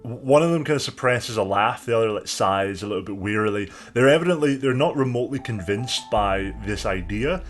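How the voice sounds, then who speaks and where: A man narrating as game master of a tabletop game, in a relaxed, descriptive way. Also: fairly low pitch, a little fast, few pauses, soft background music.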